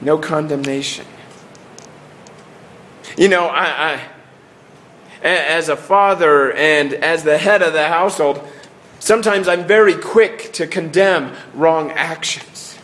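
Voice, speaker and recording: A man's voice: a little high, a bit bright. A middle-aged man preaching a sermon in an earnest way, often restarting and trailing off at the ends of phrases. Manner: earnest, with many restarts and falling pauses.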